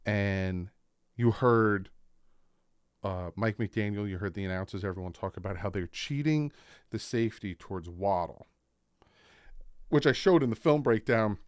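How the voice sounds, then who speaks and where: A young adult man hosting a casual sports reaction, telling the story in an animated way and acting out what people said. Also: on the low side, clean tone, no room sound, studio quality. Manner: animated storytelling, acts out quotes.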